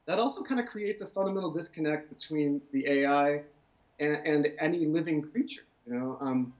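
A man's voice: fairly high pitch, normal speed. A man, an author, answering an interview question in a thoughtful, casual way with restarts and fillers. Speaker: author guest. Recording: dull lo-fi sound.

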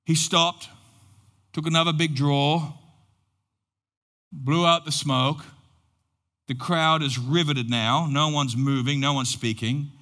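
A man preaching a sermon as pastor, telling a story dramatically with long pauses. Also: on the high side, fairly even intonation, sharp tone. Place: church hall. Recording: long reverb in a large hall.

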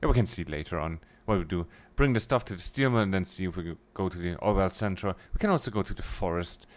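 A man's voice: low voice, quick pace. A young man streaming a train game, thinking aloud in a casual, muttering way as he plans his jobs, with small restarts. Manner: muttering to himself while planning, with short restarts. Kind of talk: casual let's-play commentary.

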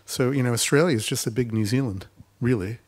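A man speaking as an investor on a festival panel discussion, talking with lively storytelling and acting out quotes. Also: mid-range voice, quick pace. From United States. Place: festival stage.

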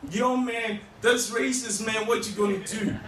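A man's voice: very high-pitched, fairly even intonation, measured pace, fairly bright tone. A man voicing his insistent, slangy young male friends, in a noisy live room. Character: group of young male friends, egging him on. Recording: echoey room, distant mic, noisy.

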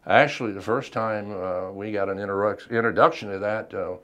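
Older male veteran interviewee, very low voice, measured reflective delivery. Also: fairly bright tone. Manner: unhurried, reflective, many ums and pauses. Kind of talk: oral history interview.

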